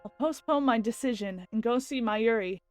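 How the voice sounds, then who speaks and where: A woman streamer reading a visual novel's narration aloud and exclaiming excitedly as she plays. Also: a little high, faint music behind. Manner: expressive, quick to exclaim.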